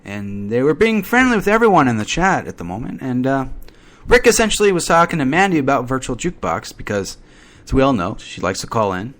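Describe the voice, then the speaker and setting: A man's voice: medium pitch, fairly bright tone. Male internet radio host, rambling irreverent gossip monologue, voice swinging up and down a lot. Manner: irreverent, gossipy, mock-dramatic asides. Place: at home during a thunderstorm.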